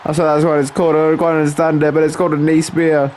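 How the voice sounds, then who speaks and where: A man's voice: on the high side, completely flat delivery, rapid-fire, few pauses, a little mellow, a little hiss or hum. A man giving casual play-by-play commentary over a video game, with frequent exclamations and filler words. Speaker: gameplay commentator.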